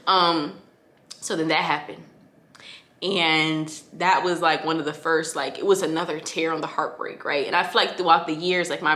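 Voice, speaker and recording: Young woman vlogger, lowish bright voice, heartfelt and chatty, echoey room. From Connecticut, USA. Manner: casual, heartfelt, filler-heavy, addresses listeners as y'all. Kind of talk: candid personal storytelling.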